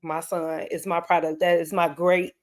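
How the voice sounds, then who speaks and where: A woman's voice: fairly low pitch, flat delivery, normal speed. A woman, hosting a casual live stream and talking candidly to her chat, tearing up as she speaks. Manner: candid, emotional, talks straight to her chat.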